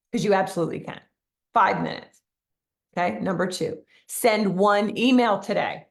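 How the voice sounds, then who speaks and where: A woman's voice: medium pitch, gravelly. A woman running a live-streamed motivational coaching session for real estate agents, who talks emphatically, repeats key phrases and keeps asking viewers to answer in the comments.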